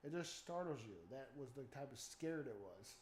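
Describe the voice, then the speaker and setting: Animated, excitable man in an echoey room. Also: medium pitch, normal speed, a little hiss or hum. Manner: animated storytelling with loud startled exclamations and swearing. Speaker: streamer. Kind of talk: casual chat. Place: home room.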